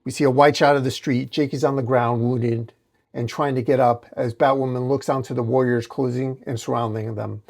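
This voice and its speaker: A man hosting a comic book channel, narrating a dramatic comic recap in a steady storytelling manner. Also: medium pitch, moderate pace, creaky.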